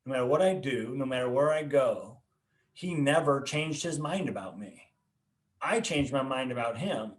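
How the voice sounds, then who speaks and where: A pastor who hosts a podcast shares a personal testimony in casual conversation, telling his story earnestly and often restarting his words. His mid-range voice is animated at a moderate pace, recorded in an echoey room.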